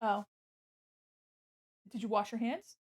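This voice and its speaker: A woman's voice: on the high side, steady tone, takes it slowly. A woman streaming her art, chatting casually and slipping into baby talk with her cat, on a desk mic at home. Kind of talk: casual live-stream chat. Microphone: desk mic on an arm.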